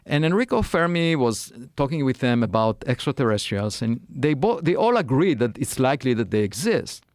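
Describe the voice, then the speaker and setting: A man's voice: mid-range voice, big pitch swings, normal speed, a little mellow, no room sound, clean studio sound. A man as a guest scientist in a conversational interview, speaking thoughtfully with many fillers and restarts.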